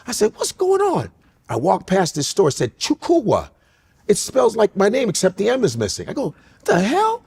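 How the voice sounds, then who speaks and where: Male guest from Nigeria, husky, very animated pitch, storyteller. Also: a little fast. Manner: animated, exclaiming, quotes himself. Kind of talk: casual storytelling chat.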